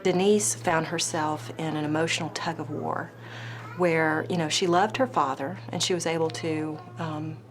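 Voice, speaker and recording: A woman counselor speaks steadily in an interview. Her voice sits low and stays level, and she weighs her words with frequent pauses. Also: steady tone, slight background noise. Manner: measured, clinical, with many fillers.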